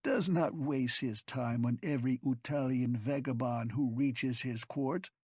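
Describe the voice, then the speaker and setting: Man doing pompous old palace official, whining and snappish, raised pitch, husky. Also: unhurried, darkish tone, dry recording, studio quality. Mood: whining haughty. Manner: whiny, arrogant, snapping. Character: whining haughty old male seneschal.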